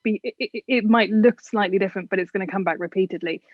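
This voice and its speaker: Speaking fast in a medium-pitched voice, an English woman with a generic southern English accent offers frank, chatty, self-deprecating advice as an interview guest. The audio is phone-quality with no room sound.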